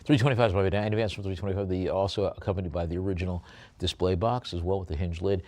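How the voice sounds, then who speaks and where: A man working as an auctioneer, describing lots in a rambling way with many fillers and then calling bids briskly. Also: low-pitched, steady tone, a little mellow.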